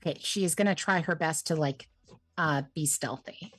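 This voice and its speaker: Woman player, slightly low voice, casual and upbeat, dry close sound. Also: moderate pace, fairly bright tone, dry recording. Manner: casual, upbeat, laughing often. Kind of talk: playing a tabletop game.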